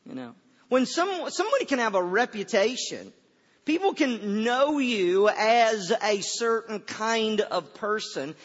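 A man's voice: high voice, animated, a little slow. An older man, a pastor, preaching a folksy sermon and often repeating his first words before a thought. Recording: dull sound with long hall reverb.

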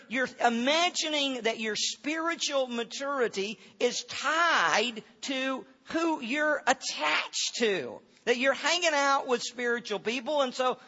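Man, high bright voice, slow unhurried pacing, sermon teaching, hall echo. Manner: conversational, rising to emphatic on key lines. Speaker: pastor. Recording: dull audio with long reverb in a large hall.

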